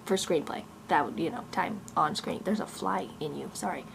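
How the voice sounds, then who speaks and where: A woman's voice: sits low, animated, moderate pace, vocal fry, slight background noise. Rambling, sarcastic young woman ranting. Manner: rambling, sarcastic, chuckles often. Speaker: novelist and vlogger. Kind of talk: casual rant vlog. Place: room at home, growing dark. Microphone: camera mic.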